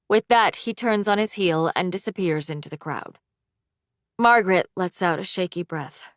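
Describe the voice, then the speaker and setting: A woman narrating an audiobook with a measured, even reading. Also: lowish voice, no echo, studio quality. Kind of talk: scripted narration.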